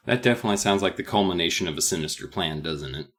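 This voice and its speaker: A man's voice: low voice, animated, rapid-fire, fairly bright tone, faint music behind. A man co-hosting a comedic book recap podcast, sarcastic and swearing freely. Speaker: podcast co-host.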